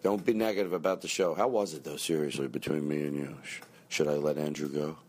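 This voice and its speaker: A man hosting a comedy podcast, rambling and self-pitying, swinging into shouted rants. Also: rumbling low, steady tone, fast. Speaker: podcast host.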